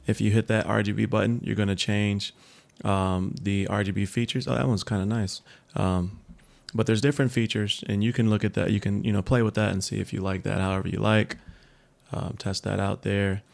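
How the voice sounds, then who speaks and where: A man reviewing a tech product in a casual demo, relaxed and full of ums and asides. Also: lowish voice, a little fast, vocal fry.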